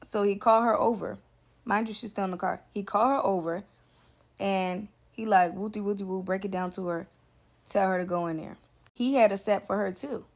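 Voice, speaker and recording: Woman, casual story time, blunt and profane, mid-pitched, quotes dialogue. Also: fairly even intonation, brisk.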